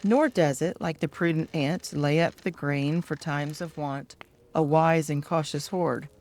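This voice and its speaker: An older woman gently reading children's poems aloud at bedtime, soft-spoken and calm. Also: low voice, unhurried. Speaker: storyteller.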